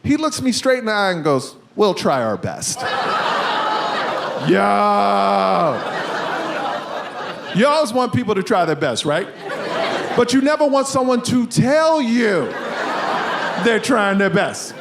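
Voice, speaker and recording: A man with a high voice performs stand-up comedy on a live stage, swinging his voice around as he acts out the people in his story. The audience laughs loudly around him, and there is a steady hum of noise in the room. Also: moderate pace, crowd noise. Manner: animated storyteller, acts out characters with big pitch jumps.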